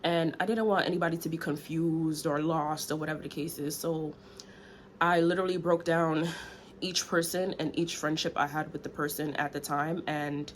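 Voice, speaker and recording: A woman talks to her viewers in a candid, sassy story time chat. Her voice sits a little low, and she sounds a bit out of breath. There is a faint hiss behind her. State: slightly out of breath. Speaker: vlogger.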